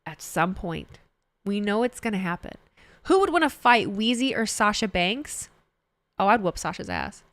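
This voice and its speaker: A young woman chats live with her audience from a home desk microphone, her voice bright and ringing. Her pitch swoops up and down as she laughs, swears and reacts to what viewers type. The sound is close and dry, with no room echo. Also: moderate pace. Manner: excitable, laughing, swears freely, reads chat aloud. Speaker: livestreamer reacting to wrestling. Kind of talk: casual live-stream chat.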